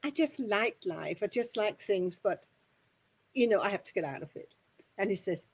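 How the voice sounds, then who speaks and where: A woman's voice: mid-range voice, animated, moderate pace, husky. A woman medium giving messages at a spiritualist service, chatty and rambling, often laughing.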